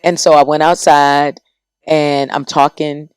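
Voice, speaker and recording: A middle-aged woman telling stories as a podcast guest in a dry studio. She talks in a lively, animated way and acts out the people she quotes. Her voice sounds like that of a radio personality. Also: low voice, unhurried, clean tone, dry recording. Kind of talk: casual podcast storytelling.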